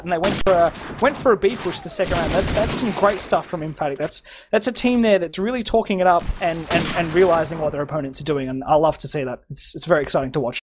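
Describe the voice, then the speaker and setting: A man doing live play-by-play commentary on a competitive shooter match, excitable and stumbling over repeated words. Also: high voice. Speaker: esports shoutcaster. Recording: noisy game audio underneath.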